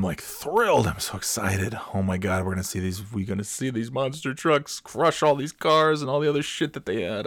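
A man's voice: on the low side, dry recording. Profane storytelling man, dry sound. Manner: profane, animated, self-mocking. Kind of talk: comic storytelling.

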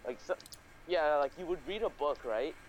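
A man's voice: on the high side, animated, normal speed, slight background noise, rough recording. Rambling, profane young man telling stories. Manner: rambling, profane, full of fillers and restarts. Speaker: podcast host. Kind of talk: casual storytelling chat.

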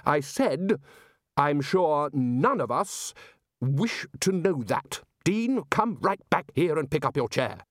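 A man's voice: fairly high pitch, big pitch swings, normal speed, hardly any pauses, no echo, clean studio sound, voice pushed up. A man voicing a bluff, commanding older male wizard who lords it over his colleagues. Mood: blustering. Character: loud blustering older male wizard head.

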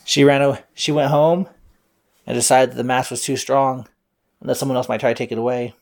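A man's voice: medium pitch, fairly even intonation, fairly quick. A man improvising a bedtime story aloud, playful, with silly sound effects.

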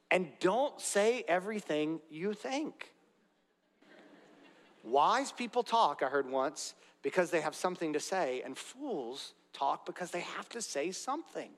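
A man preaching a sermon as pastor, earnest and direct, with conversational asides to the congregation in a church. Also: high voice. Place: church sanctuary. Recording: long reverb of a large hall.

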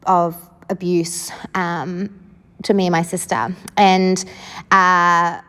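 A woman's voice: fairly low pitch, level tone, slow, pushed and bright, long reverb tail. A woman telling her own life story in a frank, casual way, swearing freely and often saying "like". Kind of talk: candid personal storytelling.

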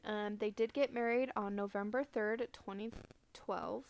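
A woman's voice: medium pitch, steady tone, measured pace, gravelly, no echo, muffled recording. Chatty young woman telling a story. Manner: chatty storytelling with many fillers and quoted asides. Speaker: podcast co-host. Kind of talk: casual true crime chat.

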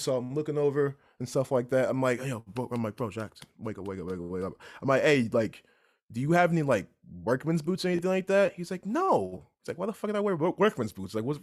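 Young man, casual storyteller, animated, keeps asking "right?", mid pitch. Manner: animated, repeats "right?" and "I'm like". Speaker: podcast guest storyteller.

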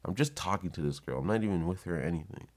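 Young guy with a deep voice ranting bluntly, swearing a lot, just talking to camera. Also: lively intonation, very fast, darkish tone. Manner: blunt and profane, heated storytelling. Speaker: vlogger. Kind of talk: casual monologue.

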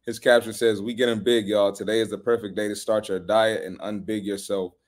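On his fitness podcast, a man with a fairly low voice speaks at a normal pace, giving animated, blunt takes on social media posts and trash-talking in slang.

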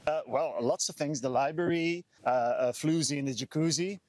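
A man with a somewhat high voice asks relaxed, curious questions, often doubling his words with "cool, cool" and "true that". His voice sounds dry and close, with no room around it, as he walks outdoors. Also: normal speed, no echo. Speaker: podcast host. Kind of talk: casual interview chat. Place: outdoors on a campus.

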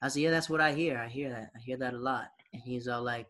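A man's voice: medium pitch, fairly even intonation, fast talker, sharp tone. A young adult man sharing memories in casual chat, rambling, with lots of filler words and frequent laughs.

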